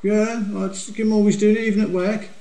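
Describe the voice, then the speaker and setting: Older bloke with a west midlands accent, jokey rambling chat, bit higher voice, echoey room. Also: male voice, level tone, fairly quick, warm tone. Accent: West Midlands English. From West Midlands, England. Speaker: interviewee, motovlog group member. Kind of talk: casual chat.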